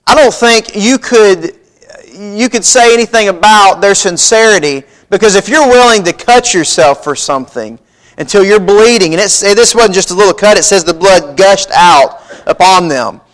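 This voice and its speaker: A man's voice: high voice, moderate pace, fairly bright tone. A man preaching a sermon, reading scripture aloud in a folksy, emphatic way. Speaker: pastor. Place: church sanctuary.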